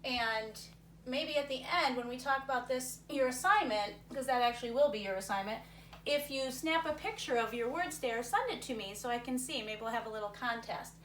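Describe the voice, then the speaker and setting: A woman's voice: on the high side, a little fast, fairly bright tone. Woman, teacher, encouraging reading lesson, thinks aloud, distant roomy sound, faint background hiss. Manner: encouraging, talks through her thinking aloud. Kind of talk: recorded reading lesson for young students.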